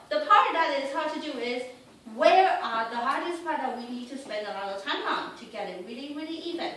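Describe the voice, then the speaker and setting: A woman's voice: sits high, bright, forceful tone, a little hiss or hum. A woman teaching a piano lesson, coaching a student and singing out rhythms on syllables between short instructions. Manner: sings rhythms and counts aloud with syllables; encouraging, gives short commands while the student plays. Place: room with a piano. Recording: echoey room from far off with piano.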